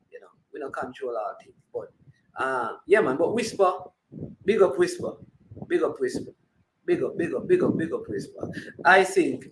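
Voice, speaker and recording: High-voiced Jamaican man hosting sports talk. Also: a bit bright, roomy sound, a little hiss or hum, rough recording. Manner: teasing, banter-heavy, slips into patois. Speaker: sports talk show host. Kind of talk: casual sports talk livestream.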